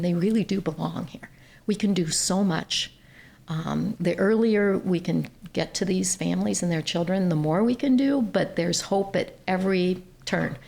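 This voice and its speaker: A woman from Ohio, a nonprofit CEO, telling stories as a guest on a podcast interview in an earnest, animated way. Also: on the low side, creaky.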